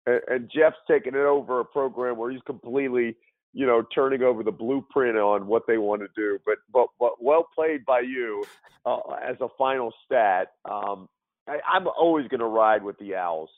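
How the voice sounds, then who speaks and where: A man's voice: medium pitch, no echo. Man losing his voice over a tinny line. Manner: halting, repeats words. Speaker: podcast guest. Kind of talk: casual sports chat.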